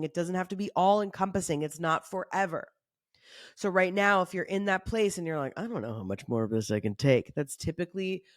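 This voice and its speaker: A woman giving a channeled energy reading straight to the viewer, animated and encouraging, acting out her own inner questions, with mild casual swearing. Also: medium pitch, no echo, studio quality. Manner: animated, pep-talk delivery. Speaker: intuitive reader.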